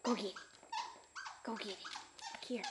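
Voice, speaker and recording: A woman's voice: mid-range voice, fairly even intonation, moderate pace, heavy background noise. A woman filming at home, coaxing her baby and dog in sing-song baby talk. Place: home living room. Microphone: handheld camera.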